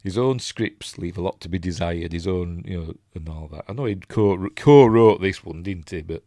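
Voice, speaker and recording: A man's voice: low-pitched, normal speed, mellow, no room sound, clean studio sound. A man with a Yorkshire accent chatting casually through a film review, rambling with lots of fillers and restarts. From Yorkshire, England. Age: middle-aged. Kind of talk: casual live commentary on a film.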